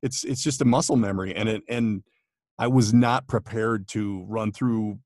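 A man's voice: fairly low pitch, fairly even intonation, normal speed, darkish tone, no room sound, studio quality. Chatty man telling voiceover stories. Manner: chatty, laughing storyteller with many restarts. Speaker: podcast guest, voice actor. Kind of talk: casual chat. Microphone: home studio microphone.

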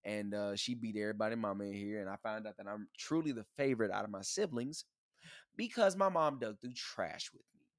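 A man's voice: fairly low pitch, fairly quick, no echo, studio quality. A young man in his twenties co-hosting a casual chat, joking and teasing. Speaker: co-host.

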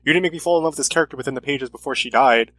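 A man's voice: on the high side, very fast, fairly bright tone, no room sound. A man in casual chat about comics, earnest and reflective in his views. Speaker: comic podcast co-host.

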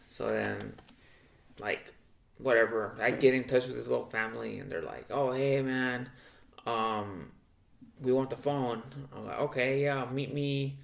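Gravelly young man telling profane stories. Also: fairly even intonation, unhurried. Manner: loose and profane, acts out quoted voices with big pitch jumps. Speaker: podcast co-host. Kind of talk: casual storytelling chat.

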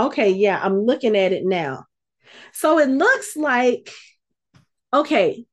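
A woman co-hosting a casual podcast, retelling a show's episode with lively acted-out quotes. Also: mid-range voice. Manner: animated storyteller, acts out quotes. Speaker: podcast co-host.

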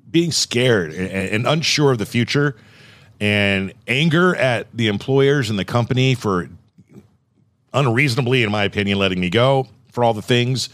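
A man hosting a podcast, talking frankly and excitably about his own radio career. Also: mid-range voice, no echo. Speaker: podcast host, radio station owner. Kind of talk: casual chat.

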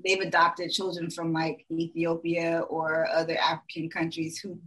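A woman's voice: low voice, completely flat delivery, normal speed, fairly bright tone, low-quality recording. A young adult woman, a dentist, talking frankly in a casual podcast chat, full of "like" and "you know".

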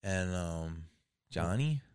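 Host type, lower-voiced man, loose rambling comic patter, laughs a lot. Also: animated, slow, a little mellow, clear, resonant tone, dry recording, clean studio sound. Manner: rambling, swears, laughs often. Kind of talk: casual comedic chat.

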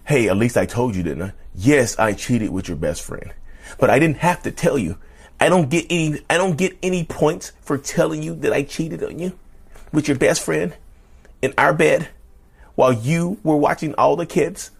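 A man voicing a defensive narcissistic partner who is entitled and self-pitying, talking indignantly and climbing into shrill yelling. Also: normal speed, creaky, breathy edge.

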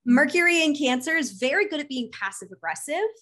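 A woman co-hosting a casual astrology chat, animated and playful, laughing often as she explains things. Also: sits high, fairly quick. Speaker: astrology podcast co-host.

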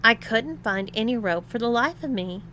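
Playful girlfriend, light and coaxing, high bright voice, a woman acting her out. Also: animated, moderate pace, a little hiss or hum. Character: sweet-sounding young woman, playful girlfriend.

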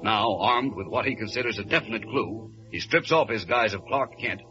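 낮고 극적인 라디오 드라마 남자 내레이터. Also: male voice, fairly low pitch, moderate pace. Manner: dramatic, suspenseful. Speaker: narrator. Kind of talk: 1940s radio drama narration. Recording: muffled old radio recording with music.

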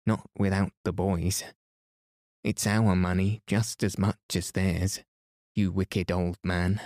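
A man's voice: low voice, level tone, slow pace, a little mellow, no echo, studio quality. A man reading the lines of a brave, earnest young girl speaking up defiantly.

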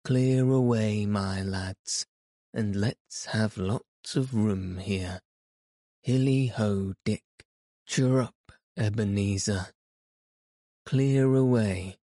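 Man reading as a jovial portly old merchant, loud cheerful calls, mellow voice, slow storybook delivery. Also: fairly low pitch, no echo, studio quality. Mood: jovial shouting. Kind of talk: audiobook reading.

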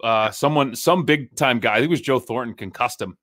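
A man's voice: mid-range voice, a little fast, fairly bright tone. Wry, teasing New Hampshire man. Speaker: podcast co-host. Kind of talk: casual storytelling banter.

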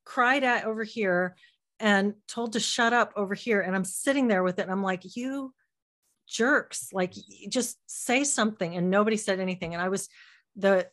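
A young adult woman co-hosting a live-stream discussion, telling a story in an animated way. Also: mid-range voice, brisk. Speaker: podcast co-host.

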